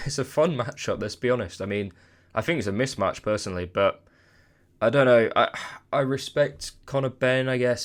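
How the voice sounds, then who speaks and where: A man giving casual solo commentary on boxing, chatty and hedging with asides. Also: lowish voice. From United Kingdom. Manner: chatty, hedging with "I mean" and "let's be honest".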